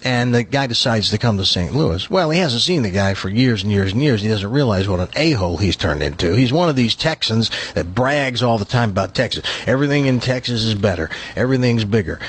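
Animated husky male talk host. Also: lowish voice, fairly quick, few pauses. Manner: jokey storyteller. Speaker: radio host. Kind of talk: casual talk radio banter.

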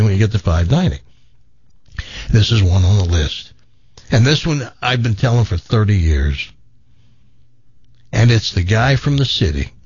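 A man's voice: fairly low pitch, husky, dry recording, highs cut off. A man hosting a radio show, telling a long farm joke in a folksy way and switching voices for the characters. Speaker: radio host.

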